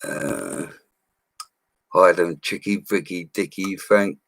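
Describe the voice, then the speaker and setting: A drunk man, a bricklayer rambling loudly to viewers on a live stream from a small room at home. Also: low voice, flat delivery, slow pace, no echo. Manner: rambling, loud and laddish, laughing often. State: drunk, slurring. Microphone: laptop microphone.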